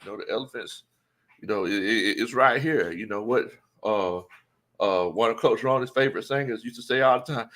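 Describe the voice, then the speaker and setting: A man's voice: fairly low pitch, normal speed, fairly bright tone. A man hosting a casual sports talk stream, laughing often and greeting viewers by name. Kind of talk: casual live-stream chat.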